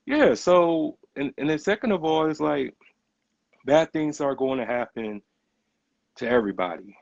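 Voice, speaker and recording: A man's voice: fairly high pitch, animated, a little slow, gravelly, a little mellow, dry recording, dull audio. A man, talking earnestly and giving advice in a casual conversation.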